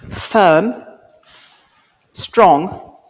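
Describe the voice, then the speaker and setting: A woman with a lowish voice draws out her words as she gives a spiritualist mediumship reading in a village hall. She's chatty and down-to-earth, speaking straight to one listener, and the hall adds a long reverb.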